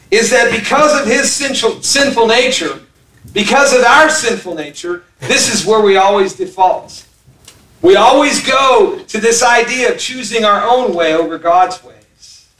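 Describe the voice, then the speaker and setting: A man's voice: high voice, pushed and bright, slight background noise. A man in his fifties preaching a sermon as pastor, telling stories, acting out voices and laughing along. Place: church sanctuary. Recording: echoey hall, mic from a distance.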